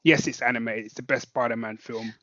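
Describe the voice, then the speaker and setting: A man's voice: mid-range voice, fairly even intonation, fairly quick, bright, forceful tone, no echo. Man co-host, easygoing and wry, tangents welcome, dull close recording. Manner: dry, laid-back, rambling. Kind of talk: casual chat.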